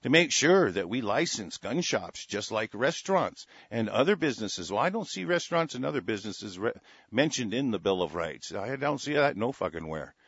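A man's voice: lowish voice, big pitch swings, moderate pace, fairly bright tone, husky, no room sound. Man, middle-aged, angry profane commentary, sarcastic, muffled, dry room. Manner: angry, sarcastic, swears a lot, reads then rants. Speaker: political commentator reading news aloud. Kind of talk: profane ranting commentary on news.

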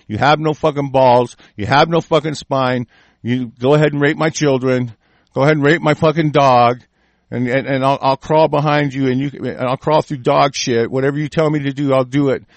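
A man delivers a heated, profane rant on his online political broadcast, full of restarts and repetition. He speaks at a moderate pace in a medium-pitched voice with fairly even intonation, and there's no room sound.

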